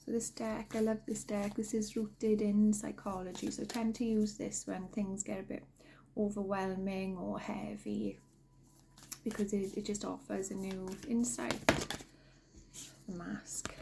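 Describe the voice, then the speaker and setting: A woman giving gentle spiritual guidance, slow and often half-whispered, sniffly from a cold. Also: medium pitch, flat delivery, vocal fry, background noise. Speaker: spiritual card reader. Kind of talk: soft-spoken spiritual guidance.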